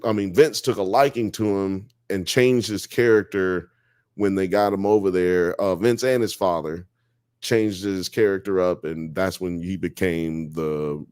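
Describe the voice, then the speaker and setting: A man's voice: low-pitched, darkish tone, no echo, clean studio sound. A man hosting a live show, reading chat comments and joking around in a loose, profane, casual way.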